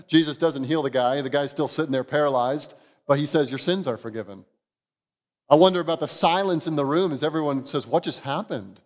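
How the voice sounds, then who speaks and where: Pastor guy, kinda high voice, animated storytelling sermon w little laughs, long echoey hall. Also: a little fast. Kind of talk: expository sermon.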